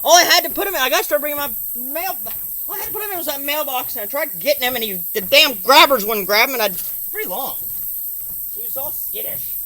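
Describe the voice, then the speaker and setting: A woman filming a vlog outdoors by a house deck on a handheld phone, excitable and swearing, talking to a snake and her cats. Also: sits high, fast talker, a little hiss or hum. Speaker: vlogger.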